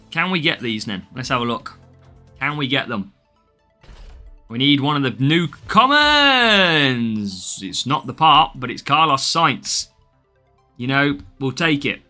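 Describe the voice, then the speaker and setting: A man from England with a medium-pitched, bright voice and a forceful tone streams a mobile racing game live. He chats casually, reads the chat, greets viewers by name and laughs a lot.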